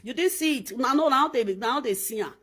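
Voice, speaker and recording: A woman speaking Nigerian Pidgin English in an animated vlog monologue, emphatic and preachy, repeating her points. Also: high voice, brisk, breathy edge. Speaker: vlogger.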